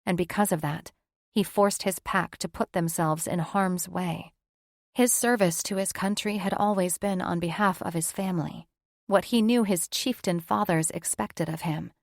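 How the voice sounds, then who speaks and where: A woman narrating a fantasy romance audiobook in an even, measured way. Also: lowish voice, no echo, clean studio sound. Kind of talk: scripted narration.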